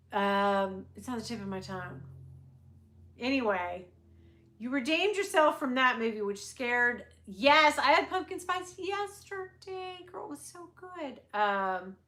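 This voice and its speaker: A middle-aged woman hosting a casual livestream, chatty and quick to swear and laugh. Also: fairly high pitch, sharp tone. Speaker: livestream host.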